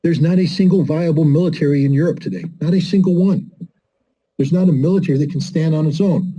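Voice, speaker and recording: A man's voice: fairly high pitch, a little fast, warm tone, husky, highs cut off. A middle-aged man giving blunt, impassioned political commentary, full of rhetorical questions and mocking quotes. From United States.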